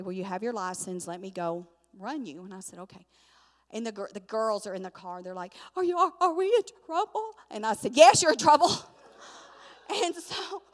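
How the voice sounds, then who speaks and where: An older woman, telling a chatty, animated story in a Bible study lesson, acting out the voices in her tale. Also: medium pitch, in a large hall.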